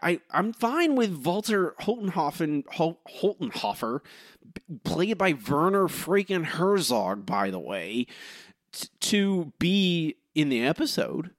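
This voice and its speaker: A man co-hosting a podcast, talking in animated bursts with many halting restarts. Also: a little high, no echo, studio quality. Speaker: podcast co-host. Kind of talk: casual podcast discussion.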